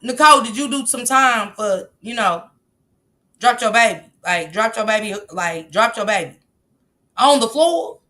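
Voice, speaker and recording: A woman hosting a casual livestream, reacting emphatically to viewer comments, blunt and quick to laugh. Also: a little high, lively intonation, pushed and bright. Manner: laughs often, blunt and profane. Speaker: livestream host reading viewer chat.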